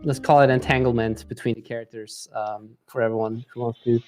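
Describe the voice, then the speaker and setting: A man's voice: medium pitch, steady tone, brisk, darkish tone, faint music behind. A man hosting a live stream, presenting casually with lots of ums and restarts. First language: not English. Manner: rambling, many fillers, laughs easily. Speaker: livestream host.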